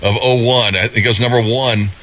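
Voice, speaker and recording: A man's voice: mid-range voice, fairly even intonation, moderate pace, pushed and bright, rough recording. A male morning radio host interviewing a guest, mostly with short reactions and laughs. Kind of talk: casual interview. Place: radio studio.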